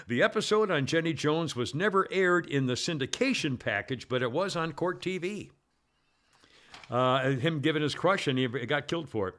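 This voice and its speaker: A man's voice: on the high side, lively intonation, moderate pace, fairly bright tone. A man hosting a talk radio show, reading this-day-in-history items in a rambling way, full of uhs and restarts.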